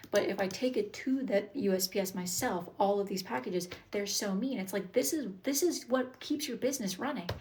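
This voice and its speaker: A woman's voice: mid-range voice, a little mellow, a little hiss or hum, low-quality recording. A woman chatting casually on a live stream, stressed and blunt, rambling and swearing as she reads comments. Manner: repeats herself, restarts sentences. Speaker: TikTok live streamer, wood-burning artist.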